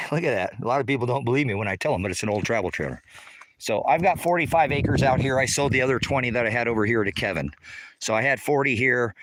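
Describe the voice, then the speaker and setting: On a walking livestream shot with a handheld phone, a man shows off his rural land and rants at comments from viewers, picking fights and swearing all the while. His voice is mid-range and a bit bright.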